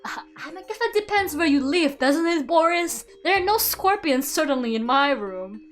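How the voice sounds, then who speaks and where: A woman's voice: high voice, lively intonation, normal speed. A young woman streamer chatting casually and reading a book aloud, giggly and sarcastic, swearing and tripping over words. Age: young adult. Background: faint background music.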